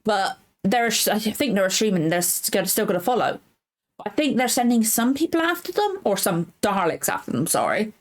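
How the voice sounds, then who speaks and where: A woman's voice: mid-range voice, sing-song, fairly quick. A woman hosting a reaction channel, chatting casually and rambling, correcting herself, close to tears. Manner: rambling, self-correcting, emotional. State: tearful. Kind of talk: casual recap chat.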